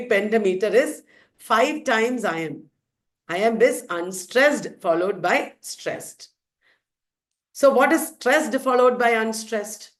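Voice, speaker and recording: Playful woman teacher quizzing a class. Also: medium pitch. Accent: Indian English. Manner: playful, asks questions and answers them herself. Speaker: literature teacher. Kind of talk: quizzing students in a revision lecture.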